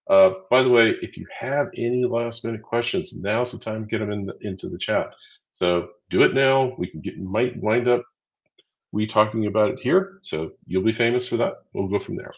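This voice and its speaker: Low-voiced guy hosting a live lesson, chatty and upbeat, kinda muffled lo-fi sound. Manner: upbeat, chatty, counting down quiz votes. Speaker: livestream co-host running a quiz. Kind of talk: casual livestream teaching.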